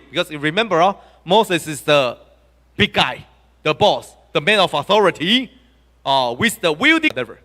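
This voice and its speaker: A male preacher delivering a sermon in a church, with a fairly high voice that swings widely in pitch. He tells the story with animated energy and keeps asking the congregation questions. A long church-hall reverb trails behind every phrase. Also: normal speed.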